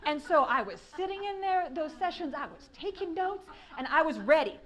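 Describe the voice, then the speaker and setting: A high-pitched woman speaks at a writing workshop, talking to a room of listeners. She is animated and laughs often, acting out the questions she describes. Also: brisk, hardly any pauses. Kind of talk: conference talk. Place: room with an audience.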